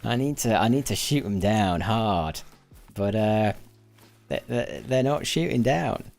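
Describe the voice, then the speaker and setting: A man's voice: on the low side, expressive, a little slow, creaky, a little mellow, soft background music. A man giving casual live commentary while playing a game, rambling and correcting himself as he goes, sometimes muttering to himself. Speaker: gaming livestreamer.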